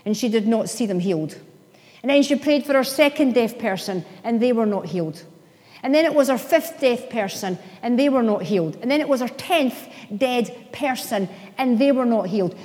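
A high-voiced woman delivers a sermon from the pulpit, pressing her points with impassioned emphasis. Her words ring out with the long reverb of a large church hall. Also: a little mellow. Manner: impassioned, rising to emphatic declarations. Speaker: pastor.

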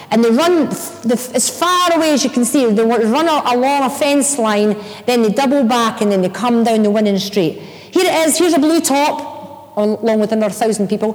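Animated woman preaching in a hall. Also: on the high side, fairly quick. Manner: animated storytelling, acts out her own shouts. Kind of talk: sermon with personal stories.

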